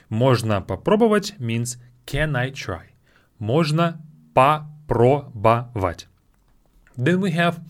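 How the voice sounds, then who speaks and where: Lively-voiced man teaching a language lesson. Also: medium pitch. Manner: patient, repeats each phrase slowly and explains it. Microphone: own microphone.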